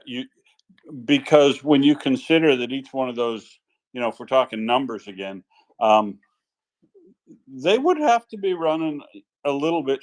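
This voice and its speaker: A man's voice: mid-range voice, rough recording. A man co-hosting an online audio chat, wry and rambling, trailing off mid-thought. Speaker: co-host and analyst. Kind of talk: casual chat.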